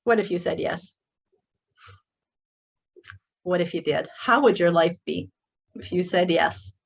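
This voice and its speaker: With a lowish voice and noticeable vocal fry, a middle-aged woman gives a motivational speech to a live online audience at her workshop. She speaks at a normal pace, emphatic and preachy in tone.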